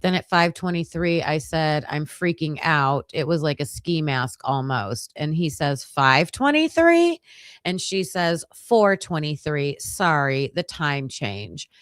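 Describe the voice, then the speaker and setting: A woman with a slightly low voice hosts a casual true-crime livestream. She reads case documents aloud, thinking aloud as she skims and restarting her sentences. The recording is dry and close. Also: a little slow, few pauses, no room sound. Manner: thinks aloud while skimming pages, hesitant restarts.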